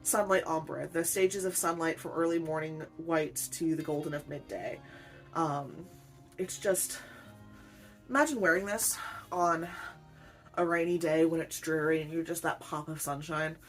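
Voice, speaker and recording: A woman's voice: sits low, a little slow, soft background music. A woman weaver chatting in a rambling, self-deprecating way during a casual unboxing vlog, laughing often. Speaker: weaver, channel host.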